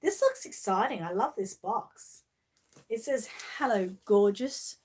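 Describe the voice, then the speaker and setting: An Australian woman hosting a live stream, opening a gift box and talking warmly and emotionally to her viewers in casual chat. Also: mid-range voice, animated, a little slow, husky. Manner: gushing, emotional, talks to viewers. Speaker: channel host unboxing a gift.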